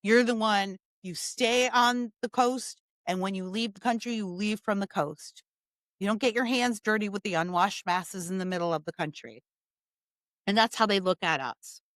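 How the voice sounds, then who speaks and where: A woman hosts a political opinion monologue, emphatic and sarcastic, driving her points home by repeating them. Her mid-range voice is fairly bright and moves at a normal speed, with no echo in the recording.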